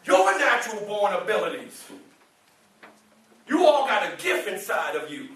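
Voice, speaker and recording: A high-voiced man with a bright, ringing tone gives a playful call-and-response talk to students. He keeps firing questions at the crowd. The sound is very echoey, picked up from far across the room. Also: wildly swooping pitch, a little slow. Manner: playful, teasing, asks the audience questions and laughs often. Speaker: motivational speaker. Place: indoor room with a student audience.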